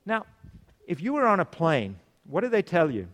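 In a hall with a long echo, a preacher delivers a lively sermon in a somewhat high voice at normal speed. He poses questions to the congregation and briefly acts out the characters in his stories.

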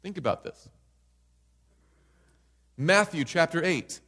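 A man's voice: on the high side, expressive, takes it slowly, a bit bright, long reverb tail. A man preaching a Bible study sermon in an emphatic way, often checking in with listeners by asking "right?".

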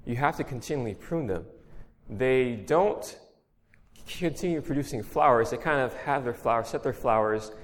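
Relaxed preaching man in echoey hall. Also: mid-range voice. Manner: plain-spoken, relaxed, explaining step by step. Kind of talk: conversational sermon. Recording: long echo of a large hall.

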